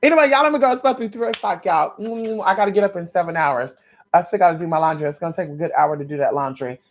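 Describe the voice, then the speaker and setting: A woman records a casual vlog at home late at night. Her voice sits a little low for a woman. She talks to her viewers in a sassy, blunt and teasing way. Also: rapid-fire. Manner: sassy, blunt and playful, calls viewers honey and sis. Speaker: vlogger.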